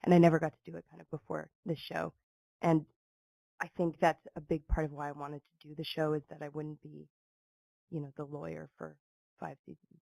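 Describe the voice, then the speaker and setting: Relaxed woman guest, gravelly and tired-sounding, dry humor, close and dry mic. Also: deep voice, fairly quick, dry recording. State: tired, husky voice. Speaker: guest actress. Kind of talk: casual chat.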